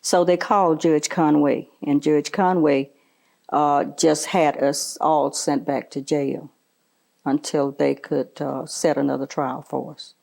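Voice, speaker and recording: Low, gravelly older woman recalling. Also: flat delivery, slow, a little mellow. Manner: earnest, repeats short affirmations. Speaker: oral history interviewee. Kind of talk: oral history interview recollection.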